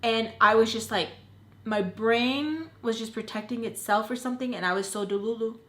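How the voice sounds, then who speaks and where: A young woman vlogger telling a personal story in casual chat, animated and full of filler words. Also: on the high side, moderate pace. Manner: chatty, animated, lots of "like" fillers. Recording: roomy echo.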